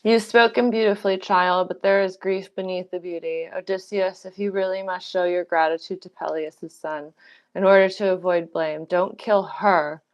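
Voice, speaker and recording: A grieving old queen who pleads and defies by turns, read by a woman in her own voice. The voice sits low and smooth, and the delivery stays plain and unforced. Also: fairly even intonation, moderate pace, dull audio, lightly acted. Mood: pleading grief. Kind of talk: dramatic reading.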